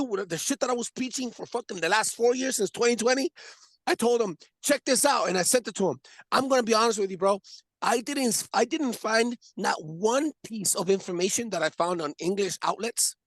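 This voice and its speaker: A man hosting a podcast, talking loudly and profanely, calling his guest bro, and saying he is losing his voice. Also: sits high, fairly quick, no echo. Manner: loud, profane, calls people bro. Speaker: podcast host. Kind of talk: heated political podcast chat.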